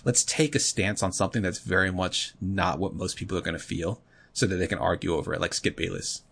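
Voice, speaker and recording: A man's voice: sits low, steady tone, brisk, vocal fry, fairly bright tone, slightly rough. A man co-hosting a podcast in casual chat, telling rambling stories full of fillers. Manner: rambling storyteller, heavy on fillers. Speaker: podcast co-host.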